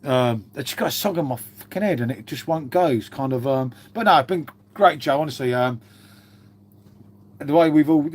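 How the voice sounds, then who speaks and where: This is a middle-aged man with a voice a touch higher than most men's. He rambles through a casual live stream, calling everyone mate and swearing freely. He is unwell and has a lingering cough. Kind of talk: casual live-stream chat reading viewer comments.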